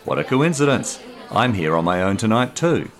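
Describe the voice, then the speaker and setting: A man's voice: on the low side, very animated, normal speed, some chatter behind, voice pushed up. A man doing a swaggering, eager lawyer. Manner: eager, charming. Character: smooth divorced male lawyer, swaggering.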